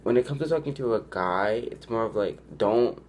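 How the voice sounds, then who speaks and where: Animated and mid-range in pitch, this young man speaks at a moderate pace with a darkish tone, offering casual advice to his viewers as a vlogger. His talk is full of "like," frequent restarts, and acted-out quotes, over a faint hiss or hum.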